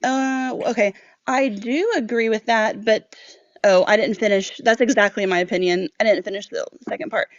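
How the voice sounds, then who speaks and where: A woman co-hosting a casual true-crime discussion who thinks aloud and hedges in quick bursts. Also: medium pitch, fairly even intonation, no echo, highs cut off. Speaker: podcast co-host.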